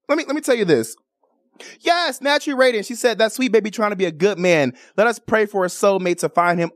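Speaking quickly in a medium-pitched voice, this woman from Chicago hosts a radio and TV talk show from a radio studio. She's animated and playful, chatting casually and letting out theatrical cries and bird calls. The sound is dry and studio-clean.

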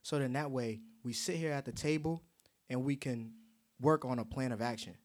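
A man's voice: medium pitch, moderate pace. A young man co-hosting a podcast, talking in a casual, upbeat way with hype-man slang. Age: young adult. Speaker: podcast co-host. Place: table indoors with drinks.

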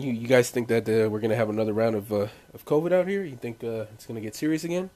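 A man's voice: mid-range voice, darkish tone, slightly rough. A man ranting casually to his viewers, loose and profane, with rambling asides and frequent laughs. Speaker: vlogger. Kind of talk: casual profane rant to camera.

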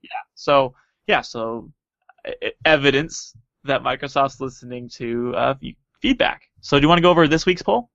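A man's voice: mid-range voice, normal speed, vocal fry, fairly bright tone, no room sound. A man co-hosting a casual tech podcast, playful and teasing as he reads out poll results. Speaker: podcast co-host. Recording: dull lo-fi dry sound.

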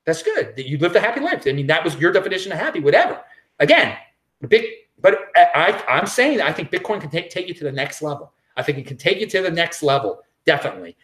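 Vlogger, off-the-cuff opinion talk, blunt, repeats lines for punch, pitch swings up and down freely. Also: big pitch swings, fast talker, a bit bright. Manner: blunt and dismissive, repeats phrases for emphasis. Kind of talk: casual opinion commentary.

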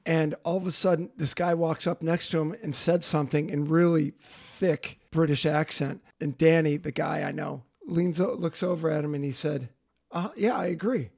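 A husky, gravelly man co-hosts a music podcast in a loose, joking way. His voice sits high for a man, and he tells stories with lots of laughter. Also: level tone, moderate pace, few pauses, a little mellow, no room sound, clean studio sound. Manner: laughing, storytelling. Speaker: podcast co-host. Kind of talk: casual chat.

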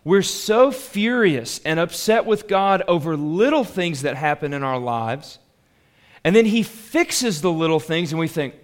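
A male pastor with a high voice delivers a sermon in an animated, conversational style. He reads scripture aloud and talks it through at an unhurried pace.

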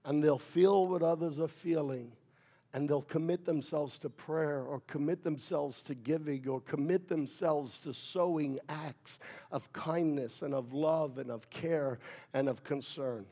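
A man preaching a sermon as pastor, with playful asides, building from quiet talk to shouted preaching. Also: a little high, unhurried.

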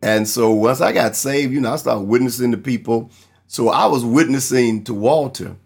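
Guy preaching, telling a story from his own life, earnest, kinda gravelly voice. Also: mid-range voice, moderate pace. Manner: earnest, storytelling, acts out quoted people. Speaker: pastor. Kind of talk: sermon with personal testimony.

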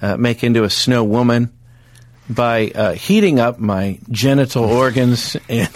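A man co-hosting a comedy podcast, riffing crudely and rambling through lots of filler pauses. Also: mid-range voice, fairly even intonation, slight background noise. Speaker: podcast co-host.

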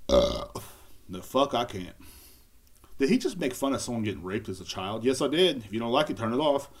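A man's voice: mid-range voice, big pitch swings, fairly quick, slightly rough. A man hosting a casual solo podcast, rambling and cracking crude jokes into a recorder. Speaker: podcast host. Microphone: handheld recorder.

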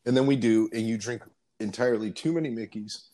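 A man's voice: medium pitch, a little fast, dark tone. A man trading teasing banter in a casual group chat.

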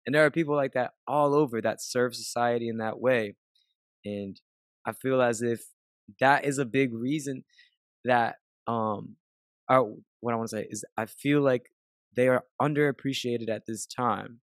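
A relaxed man chatting as a guest on a podcast, his voice in the middle of the usual range for a man. He tells stories loosely, swears freely and acts out bits of dialogue. The sound is dry and close, with no room echo. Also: medium pitch, moderate pace. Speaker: music producer and artist, podcast guest. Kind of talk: casual conversational storytelling.

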